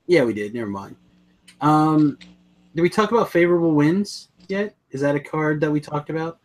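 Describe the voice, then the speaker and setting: A man's voice: a little high, expressive, normal speed. A man co-hosting a podcast, chatting casually and enthusiastically, often rambling and correcting himself mid-sentence. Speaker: podcast co-host. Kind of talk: casual chat about card games.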